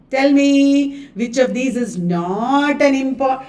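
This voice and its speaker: A woman's voice: high voice, expressive, slow, few pauses, darkish tone. A woman teacher, running an exam quiz lesson, reading out questions and options and repeating them. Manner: chatty, repeats questions and answers aloud. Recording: echoey room, distant mic.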